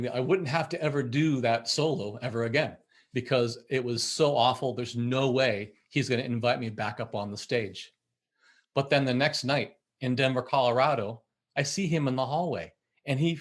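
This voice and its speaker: Animated storytelling man. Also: mid-range voice. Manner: acts out quoted voices, laughs while telling. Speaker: podcast guest, musician.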